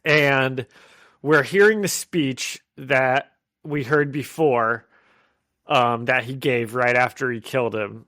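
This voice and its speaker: A man's voice: mid-range voice, slow, fairly bright tone, no echo, clean studio sound. A man co-hosting a comic book podcast, chatting casually, rambling and laughing often. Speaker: podcast co-host.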